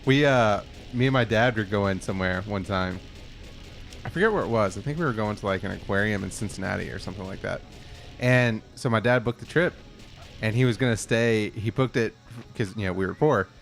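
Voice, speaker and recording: Casual rambling podcast host, faint music. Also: male voice, fairly low pitch, brisk, creaky. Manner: rambling anecdotes, laughing, swearing. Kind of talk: casual chat.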